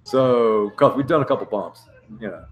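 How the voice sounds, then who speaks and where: Animated man telling a profane story. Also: medium pitch, moderate pace. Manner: swearing, animated storyteller acting out dialogue. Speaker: podcast host. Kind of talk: casual storytelling chat.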